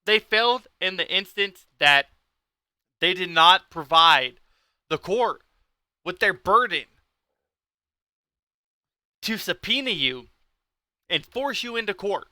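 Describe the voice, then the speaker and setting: A man talks on his livestream in a high, piercing voice, intense and heated. The sound is dry and close. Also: expressive, takes it slowly, pauses often, bright, forceful tone, no room sound. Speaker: livestream host. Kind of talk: livestream talk.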